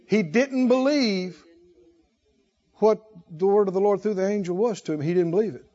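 A male preacher giving an animated sermon, exhorting the congregation and laughing often. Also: high voice, normal speed, lo-fi sound.

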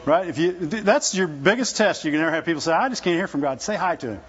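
A man preaching in a loose, chatty way, with a high, light voice. He keeps checking in with his listeners through quick rhetorical questions. The sound is a little dull and lo-fi. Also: expressive. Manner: conversational, folksy, with laughs and rhetorical questions. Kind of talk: sermon. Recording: dull lo-fi recording.

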